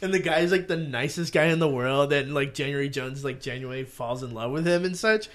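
A man co-hosting a casual podcast chat, telling a story and acting out the lines in high, excited voices. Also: a little fast. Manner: animated storyteller, acts out quotes in high voices. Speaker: podcast co-host.

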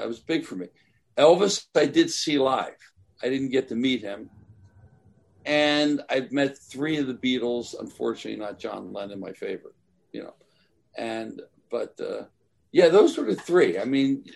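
A gravelly older man spins loose anecdotes as an interview guest. His voice is husky and rough-edged, at an ordinary pitch. He rambles from one story to the next, peppering it with "like" and "you know". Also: darkish tone. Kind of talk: casual storytelling.

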